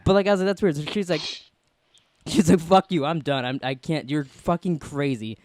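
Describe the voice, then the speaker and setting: A man hosting a podcast, telling a story in a casual, animated way and acting out the people he quotes. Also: a little high, moderate pace, no echo, studio quality. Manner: animated, acts out quoted voices. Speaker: podcast host.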